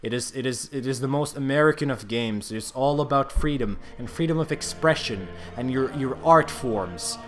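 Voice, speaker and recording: A young man giving comedic gameplay commentary in a mock-solemn, grandiose deadpan manner. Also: mid-range voice, normal speed, few pauses, soft background music.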